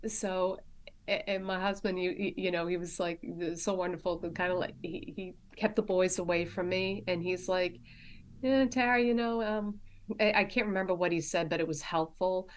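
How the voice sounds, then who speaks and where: A middle-aged woman, a nurse practitioner, sharing personal stories as a podcast guest in a halting way, full of restarts and fillers. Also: lowish voice, flat delivery. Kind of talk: candid personal storytelling in a podcast interview.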